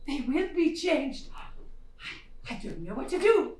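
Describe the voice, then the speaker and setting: Actress as a giddy, newly kind old miser woman; high, lively voice, slow delivery, far stage mic in a reverberant hall. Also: slight background noise, heavily acted. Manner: giddy, laughing, shouting bursts. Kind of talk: community theatre stage acting. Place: theatre stage. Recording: echoey stage miked from far, audience.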